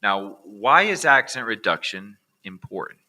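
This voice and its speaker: An American man teaching accent reduction in a relaxed, conversational way, often checking in with "all right". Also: on the low side, measured pace. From United States. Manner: casual, repeats "all right" as a check-in with viewers. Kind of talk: recorded online lesson.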